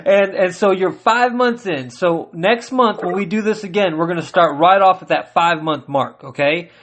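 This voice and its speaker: A man's voice: high voice, normal speed. A man hosting a podcast interview, steering his guest with short encouraging prompts. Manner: encouraging, frequent short backchannel. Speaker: podcast host. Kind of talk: casual interview.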